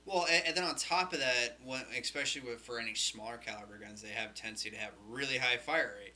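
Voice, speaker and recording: A man co-hosting a casual podcast chat, telling animated stories and swearing freely. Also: medium pitch, fast talker, slight background noise. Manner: animated storyteller, profane. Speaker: podcast co-host.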